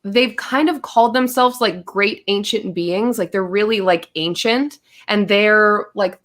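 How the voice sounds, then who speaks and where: Animated woman telling a story. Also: medium pitch, unhurried. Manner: animated, acts out her own quotes, many fillers. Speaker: podcast guest. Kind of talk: casual storytelling.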